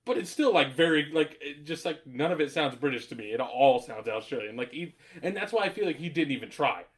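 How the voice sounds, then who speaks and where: A man in casual podcast chat, animated and swearing, who laughs often and rambles with lots of "like". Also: on the high side, brisk. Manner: animated, laughs often, swears, mimics others in quoted asides; rambling with many "like" fillers.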